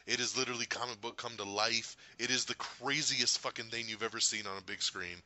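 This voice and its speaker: A man hosting a podcast movie review, retelling scenes in an excitable, profanity-laced rush. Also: medium pitch, fairly quick. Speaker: podcast host. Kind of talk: casual movie review chat.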